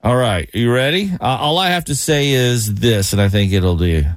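A man's voice: medium pitch, expressive, normal speed, no echo. Jokey male radio show host. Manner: jokey, self-mocking. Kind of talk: casual radio banter.

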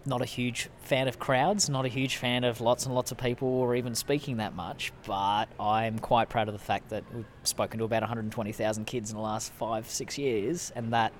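A man's voice: mid-range voice, flat delivery, normal speed, hardly any pauses, a little hiss or hum. A man co-hosting a podcast and speaking at an event, earnest and chatty. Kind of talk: casual chat.

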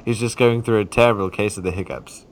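A man doing a prim, giggly British gentleman. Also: lowish voice, fast, vocal fry, slight background noise. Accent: put-on British. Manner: dry, prim agreement, giggly. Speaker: podcast co-host. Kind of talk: comedic podcast character chat.

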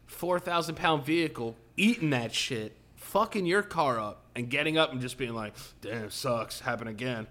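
A man's voice: fairly high pitch, lively intonation, moderate pace, few pauses, bright, forceful tone. Young man in profane, jokey banter. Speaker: podcast co-host. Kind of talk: casual chat.

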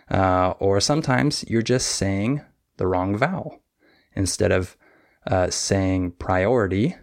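Slow, gravelly-voiced man teaching. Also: low-pitched. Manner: patient step-by-step explaining. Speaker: pronunciation teacher. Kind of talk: podcast lesson.

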